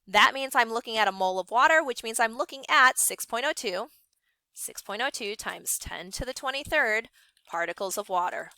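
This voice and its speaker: Woman teaching online, bright clear voice, encouraging, brisk, calls out names. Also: on the high side, dry recording. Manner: upbeat, encouraging, brisk calling out of student names. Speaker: science teacher. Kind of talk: online class lesson.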